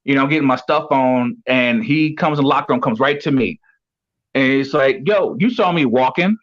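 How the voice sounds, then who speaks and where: A man's voice: mid-range voice, fairly even intonation, fairly quick. A man talking as a guest coach who once played pro football, telling stories casually and filling gaps with "you know". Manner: rambling, heavy with "you know" fillers. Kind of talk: casual storytelling. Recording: dull lo-fi audio.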